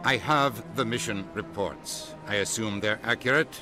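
An actor playing a stern, indignant human ambassador in a game. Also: male voice, lowish voice, a little slow, lightly acted. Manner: sharp, demanding, stern. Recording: game audio over music.

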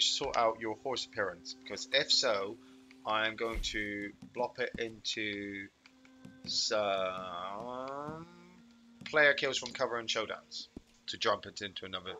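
A man's voice: mid-range voice, bright, forceful tone, a little hiss or hum. A man streaming a game, chatting loosely and swearing freely as he plays. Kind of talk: casual gaming chat.

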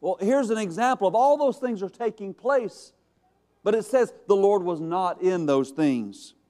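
A man preaching a sermon, moving from strong emphasis to hushed soft passages, with some stumbling restarts. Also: high-pitched, animated, unhurried. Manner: dramatic shifts to hushed, soft delivery for quiet passages; stumbling restarts and repeated words. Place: church sanctuary.

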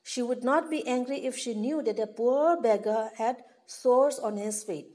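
A woman's voice: on the high side, unhurried, warm tone. A woman teacher, reading a story aloud and explaining it to pupils, often repeating herself. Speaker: English teacher.

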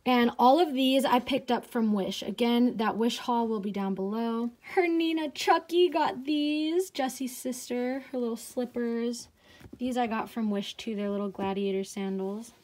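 A woman's voice: fairly high pitch, measured pace, darkish tone. A pregnant young woman in her twenties giving a chatty vlog tour, gushing over things and short of breath. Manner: chatty, gushing, says "like" a lot. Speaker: vlogger.

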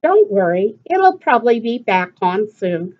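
A woman's voice: medium pitch, big pitch swings, unhurried, dull audio. A woman voicing a caring, practical mother in a storybook reading.

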